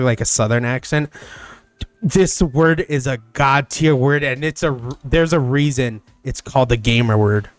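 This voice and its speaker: A young man hosting his own gaming channel, talking casually to the camera with frequent swearing and loud excited bursts. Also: mid-range voice, no echo. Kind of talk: casual solo commentary.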